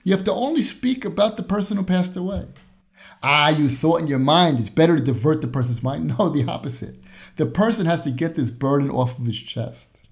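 Speaking briskly in an animated, slightly high voice, this man hosts a podcast where he gives a conversational Torah lesson. He draws on everyday examples, acts out brief dialogues and chuckles occasionally.

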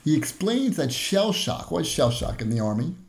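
Very animated at a normal speed, a man with a slightly high voice leads a conversational Torah lesson on his podcast. He uses everyday examples, plays out short exchanges, and lets out the odd chuckle.

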